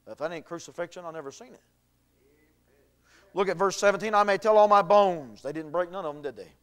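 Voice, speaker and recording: A man's voice: fairly high pitch, smooth. A male pastor preaching a sermon, reading scripture aloud and building in intensity. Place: church.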